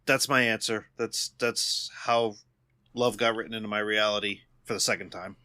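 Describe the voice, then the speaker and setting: A young man co-hosting a casual podcast, speaking from the heart in halting, restarting sentences. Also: on the low side, fairly even intonation, sharp tone, smooth, no room sound, studio quality. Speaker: podcast co-host.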